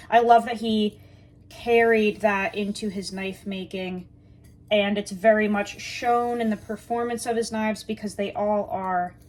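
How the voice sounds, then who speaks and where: A woman in a relaxed, talkative mood, chatting with her viewers as she works. She jokes easily and keeps things informal, speaking at a middle pitch. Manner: chatty and joking, addresses viewers as guys. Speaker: knife reviewer. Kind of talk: casual chat with viewers.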